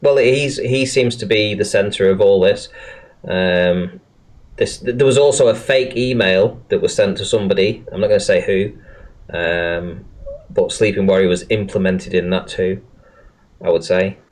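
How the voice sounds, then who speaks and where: A man hosts a casual livestream with a lowish voice. He swears freely and stumbles through his thoughts, trailing into ums and uhs. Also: moderate pace, darkish tone. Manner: swearing, hesitant with many fillers. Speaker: livestream host.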